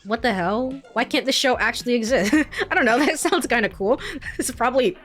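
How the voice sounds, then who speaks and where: A woman's voice: on the high side, animated, moderate pace, a bit bright, faint music behind. A young woman streamer casually commenting on a video game, chatty and giggling, with lots of fillers. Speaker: let's play streamer.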